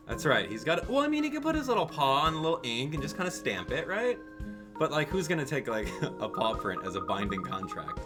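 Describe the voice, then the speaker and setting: A man's voice: medium pitch, a little fast. Hyped guy streaming a game, laughs a lot, bouncy voice, music behind. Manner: excited, laughing often. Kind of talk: casual game commentary. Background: background music.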